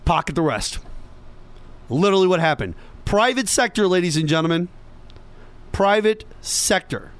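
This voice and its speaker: A man hosting a podcast, delivering an opinionated political monologue with sarcasm and mocking asides. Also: mid-range voice. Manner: sarcastic, mocking impressions of others. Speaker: podcast host.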